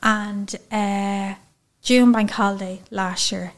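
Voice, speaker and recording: A woman with an Irish accent, a guest telling a personal story in a lively, chatty way. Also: medium pitch, slow. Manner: chatty, lively, acts out quoted speech. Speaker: interview guest.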